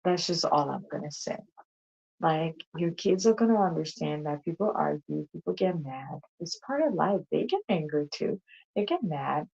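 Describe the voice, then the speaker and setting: A woman's voice: deep voice, animated, moderate pace, vocal fry, a little mellow, breathy edge. A woman hosting a casual talk show, chatting to listeners and posing rhetorical questions. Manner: conversational, asks rhetorical questions, addresses audience as y'all. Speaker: host. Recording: dull lo-fi sound.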